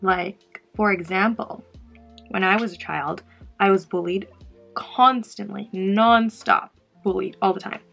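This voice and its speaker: A woman's voice: medium pitch, measured pace, creaky, a bit bright, soft background music. A young woman vlogger talking candidly about her past while doing her makeup, in a casual get-ready-with-me chat. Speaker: beauty vlogger.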